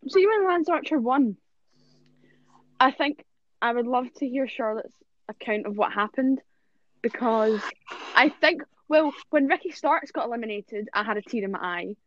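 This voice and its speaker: A woman co-hosting a casual wrestling podcast, telling excitable stories. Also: a little high, normal speed, dry recording. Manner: excitable, animated storytelling. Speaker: podcast co-host. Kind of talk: casual chat. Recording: dull lo-fi call audio.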